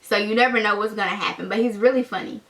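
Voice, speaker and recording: Young woman, chatty storytime vlog, bright voice, lots of likes and ums. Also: mid-range voice, fast talker. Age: young adult. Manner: chatty, animated storytelling with many fillers. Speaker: vlogger.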